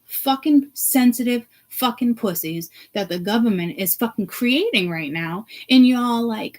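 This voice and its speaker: A woman's voice: on the high side, expressive, a little slow, few pauses, rough recording. Woman ranting, profane and heated. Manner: profane, heated and blunt, swings from hushed to loud. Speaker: vlogger. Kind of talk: ranting to camera.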